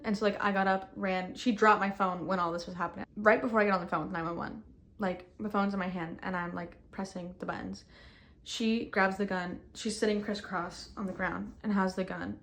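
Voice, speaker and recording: Recorded outdoors, a woman with a medium-pitched voice tells of a personal ordeal in casual first-person fashion. She talks in quick bursts packed with fillers.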